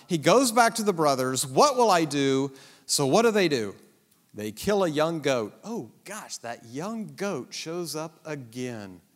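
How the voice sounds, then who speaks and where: Preacher, high animated voice, wry storyteller, church hall reverb. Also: male voice. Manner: humorous, dramatic storytelling. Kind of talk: sermon.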